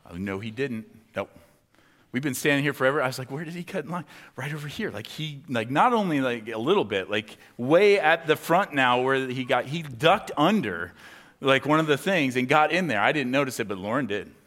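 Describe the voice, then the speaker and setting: A man's voice: medium pitch, animated, brisk, a bit bright. A man giving a sermon as a conversational story, with many fillers and acted-out quotes. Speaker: pastor. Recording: long hall reverb.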